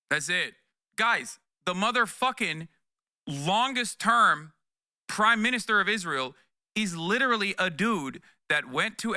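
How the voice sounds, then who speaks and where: A man in his thirties delivers heated political commentary on a livestream, profane and exasperated and pushing each point with "okay?". His voice sits a bit high and sounds sharply bright and forceful. The sound is close and dry, with no room echo. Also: clear, resonant tone. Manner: profane, exasperated, rapid rants with repeated "okay?". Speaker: streamer reacting to news.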